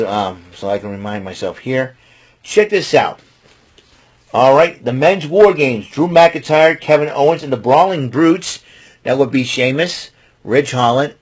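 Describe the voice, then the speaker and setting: A man's voice: mid-range voice, husky. Male host, casual solo wrestling recap, rambling and chatty. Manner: rambling, chatty, restarts and fillers.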